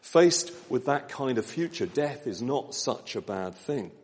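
A man preaching a sermon in a gentle, measured way, slowing down with pauses for emphasis. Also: medium pitch, expressive. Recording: long church reverb.

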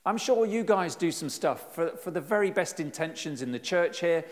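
A man's voice: fairly high pitch, moderate pace. Middle-aged man preaching in a reverberant church. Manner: conversational and lively, with self-deprecating humor. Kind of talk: sermon. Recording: long reverb in a church hall.

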